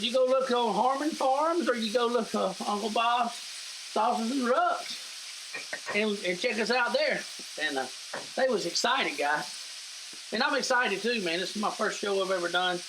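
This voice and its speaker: A man's voice: sits high, moderate pace, noisy background. A middle-aged man hosting a casual home cooking demo, chatty and folksy, talking to viewers as guys. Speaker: cooking show host. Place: home kitchen.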